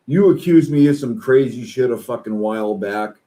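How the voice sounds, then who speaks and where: A man streaming reaction commentary, ranting angrily and swearing. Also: low-quality recording. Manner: slow-paced, with lively pitch swings. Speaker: streamer reacting to online posts.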